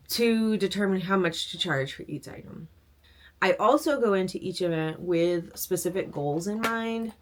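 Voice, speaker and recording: A young adult woman, a crochet business owner, chatting casually and telling upbeat stories with frequent laughs. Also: lowish voice. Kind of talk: casual chat.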